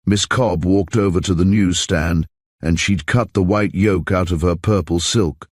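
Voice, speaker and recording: A man narrating a classic mystery story in the first person in an even, steady way. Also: sits low, unhurried, no echo, clean studio sound. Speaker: audiobook narrator.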